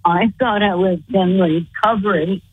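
A woman speaks slowly and earnestly, her voice very husky and breathy. She comes through a thin, tinny phone line with no room sound around her. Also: mid-range voice, no echo. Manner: slow, earnest storytelling. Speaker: guest. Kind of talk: telling a personal story. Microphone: phone call.

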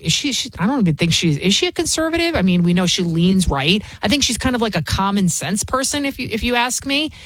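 A woman's voice: on the low side, no echo. A woman filling in as a talk radio host, speaking bluntly and scornfully, rambling with frequent restarts. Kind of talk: opinionated talk radio monologue.

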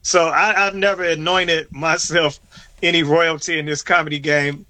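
A man's voice: on the high side, level tone, moderate pace, bright, forceful tone, no room sound. A man, a comedian joining a radio talk show by remote video call, joking conversationally with some stammering restarts. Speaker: comedian guest. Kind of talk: casual radio interview.

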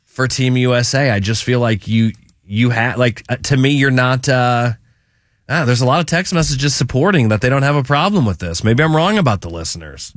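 A man's voice: mid-range voice, lively intonation, fairly quick, no echo, studio quality. A man hosting a radio show, teasing his co-host in casual banter and often stumbling over his words. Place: radio studio.

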